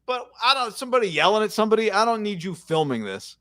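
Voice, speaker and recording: A man's voice: sits high, fast. A man hosting a casual sports talk show, telling stories with blunt opinions. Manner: animated storytelling, blunt opinions. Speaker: radio show host.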